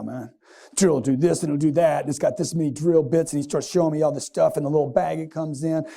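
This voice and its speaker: A man's voice: on the high side, warm tone. A man giving a motivational sales seminar on stage, quizzing the live audience and acting out customers in punchy bursts. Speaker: sales trainer.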